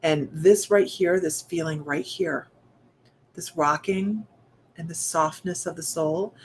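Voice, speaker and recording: A woman giving a live-streamed psychic reading, speaking softly and haltingly with many restarts, straight to her viewers. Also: low voice, slight background noise. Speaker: psychic medium.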